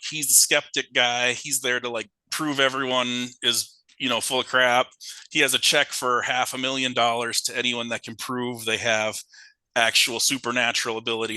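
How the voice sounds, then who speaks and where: A young man chats about a horror film on his podcast, his voice very bright and cutting. He tells the story in a loose, animated way, slipping into the characters' lines. The recording is dry and close, with no room sound. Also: mid-range voice, clean tone, no room sound, rough recording. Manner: animated retelling with acted-out quotes and laughs. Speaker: podcast co-host. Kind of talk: casual horror movie chat.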